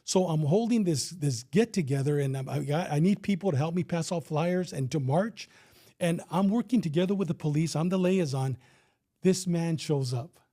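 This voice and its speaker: Animated middle-aged man spinning a yarn. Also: a little high, normal speed. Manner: animated, acts out quotes, swears freely. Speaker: retired police officer, guest. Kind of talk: casual storytelling.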